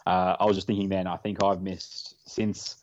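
A man's voice: deep voice, flat delivery, moderate pace, a little mellow, no echo, dull audio. An Australian man hosting a podcast in a casual, jokey, chatty way. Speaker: podcast host.

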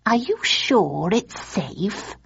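A woman reading as a fretful, affectionate wife, her husky voice lifted high and lilting in a storybook reading. The sound is dull and lo-fi. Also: sing-song, drawn-out words, dry recording, full character voice. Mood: anxious. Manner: bright, lilting and worried. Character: fond, anxious wife of an inventor, adult woman.

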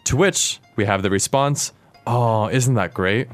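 A man with a fairly low voice hosts a language-lesson podcast. He explains each word in a clear, patient way and turns to his co-host with questions. Soft music plays faintly behind him. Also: unhurried, no echo.

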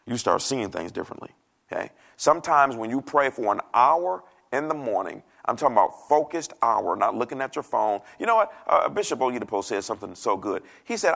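A man's voice: medium pitch, very animated, a little fast, creaky, a bit bright. A middle-aged man preaching a sermon from a church stage, conversational and joking, acting out the voices he quotes. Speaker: pastor.

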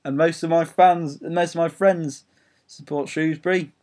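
A man's voice: fairly high pitch, steady tone, normal speed, a little mellow. Rambling, swearing young English man. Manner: swearing, rambling, self-mocking. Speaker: football fan blogger. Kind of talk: ranting audio blog.

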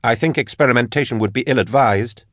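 A man's voice: medium pitch, fast talker, a bit bright, dry recording, clean studio sound, pitched above the performer's own voice, lightly acted. A man voicing a cautious, formal woman scholar who keeps raising objections.

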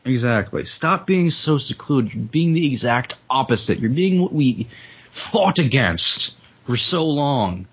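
A man's voice: mid-range voice, animated, measured pace, husky. A young man in a casual group chat, ranting heatedly and swearing often. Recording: muffled lo-fi recording.

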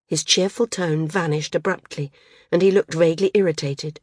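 A woman reading a novel aloud as an audiobook narrator, in a measured, unhurried storytelling manner. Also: low-pitched, steady tone, husky, no echo, clean studio sound. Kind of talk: scripted narration.

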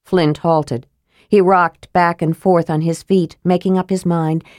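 A woman with a lower-pitched voice reads a fantasy novel aloud in a measured, even manner. The recording is dry and close, with no room sound at all. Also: dry recording. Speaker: audiobook narrator. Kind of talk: scripted fantasy narration.

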